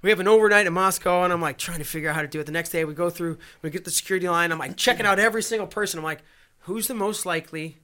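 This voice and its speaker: A man casually telling travel stories as a guest, animated and acting out the people he met. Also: high-pitched, racing, few pauses. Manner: animated, acts out other voices. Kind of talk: casual storytelling chat.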